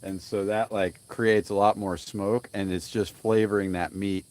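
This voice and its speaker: A man's voice: lowish voice, level tone, measured pace, a little mellow. A young man hosting a casual live stream while grilling outdoors, rambling along and greeting viewers by name. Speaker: livestream cooking host.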